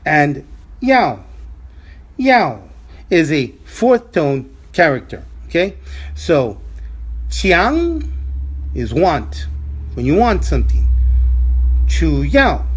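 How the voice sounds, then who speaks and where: A man teaching a language lesson, speaking slowly and repeating words, with frequent restarts. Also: a little high, big pitch swings, husky. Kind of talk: slow spoken language lesson.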